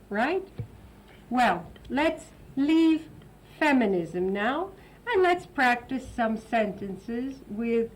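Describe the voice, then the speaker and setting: A woman's voice: a little high, very animated, slow, low-quality recording. A woman hosting an English lesson for Italian learners, chatting and explaining, now and then translating into Italian. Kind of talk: casual classroom teaching.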